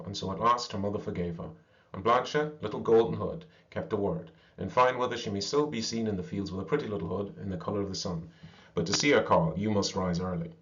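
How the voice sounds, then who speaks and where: A man reading an old fairy tale aloud with expressive storybook narration, on a slightly dull recording. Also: lowish voice.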